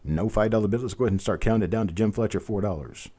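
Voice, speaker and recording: A man runs a live online coin auction, racing along with few pauses in a husky, dark voice on the low side. He calls bids over and over and throws in friendly asides to bidders.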